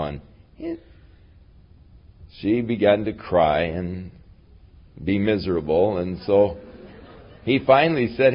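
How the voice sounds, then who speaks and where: A man's voice: mid-range voice, sing-song, a little slow, long pauses, muffled recording. A man teaching a Bible lesson as a folksy, conversational retelling. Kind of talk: casual Bible lesson storytelling.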